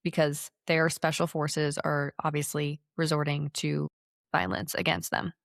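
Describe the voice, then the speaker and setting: A woman in her thirties co-hosting a podcast, talking politics in a sarcastic, animated way with some swearing. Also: deep voice, a little slow, creaky, dry recording, clean studio sound. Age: 30s. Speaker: podcast co-host. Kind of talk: casual political chat.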